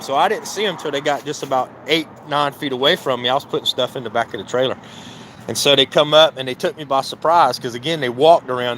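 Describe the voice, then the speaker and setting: Forceful and bright in a mid-range voice, a business owner casually but angrily tells the story of a police stop at his work site, playing both parts and repeating "I said." He's outdoors by a work trailer near a building, with a little hiss or hum on the recording.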